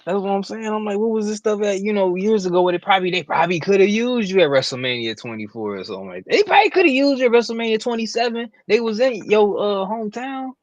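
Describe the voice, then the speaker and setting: A man's voice: sits high, animated, quick pace, hardly any pauses, dry recording, dull audio. A man co-hosting a wrestling podcast, ranting in incredulous, slangy casual chat. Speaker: podcast co-host.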